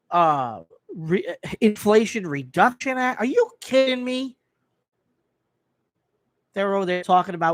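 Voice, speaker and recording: A man's voice: high-pitched, a bit bright, dry recording. A man hosting a live stream, ranting in a heated way and swearing freely. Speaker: host.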